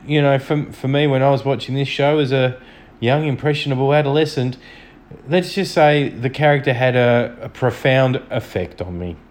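A man hosts a solo podcast from home, reviewing an episode with enthusiasm and a touch of self-deprecation. His voice is medium-pitched and a little mellow. A dog can be heard snoring in the background.

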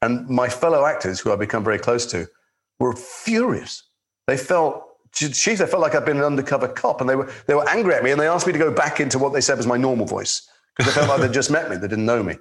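A man with a London accent, an actor telling anecdotes in relaxed chat, with many restarts. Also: mid-range voice, fast talker. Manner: lively storyteller, swears in quotes, many restarts. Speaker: actor guest.

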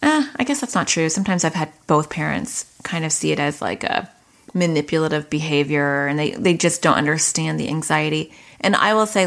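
Deep, gravelly, and animated, this middle-aged child anxiety therapist offers parents advice at a brisk clip. She uses analogies to explain behavior and performs quoted lines of dialogue in a conversational way.

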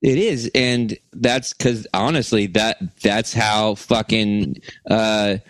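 A man's voice: fairly low pitch, steady tone, slow pace, dry recording, rough recording. A man co-hosting a comedy podcast, riffing with silly jokes in casual chat. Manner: joking, riffs with silly bits. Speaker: podcast co-host.

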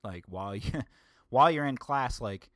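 Young male podcaster, rambling jokey chat, mid pitch, dry close sound. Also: expressive, normal speed, fairly bright tone, no echo. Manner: rambling, self-mocking, jokey. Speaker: podcast host. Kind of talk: casual solo podcast chat.

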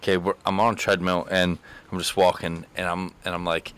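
A man's voice: deep voice, little pitch movement, a little fast, hardly any pauses, a bit bright, clean tone. A young man hosts a casual vlog and chats with a friend in a playful way. He keeps laughing his way through his own joke. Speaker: vlog host, musician. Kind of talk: casual chat.

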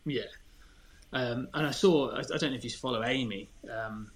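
A man's voice: medium pitch, normal speed. A man, a podcast guest chatting casually and telling candid, self-deprecating stories. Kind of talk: casual chat.

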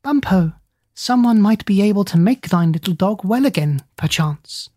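A reader voicing a parrot who pretends to be a fairy queen, speaking in a small, high voice with slow, solemn, old-fashioned phrasing. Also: lively intonation, darkish tone, dry recording, studio quality, close to an everyday voice. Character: parrot posing as a whispery, grand fairy queen.

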